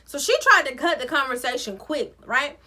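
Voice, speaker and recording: A woman recapping a TV episode with sassy, animated commentary. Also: high voice, moderate pace. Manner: sassy, expressive storytelling with playful asides. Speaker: recap vlogger.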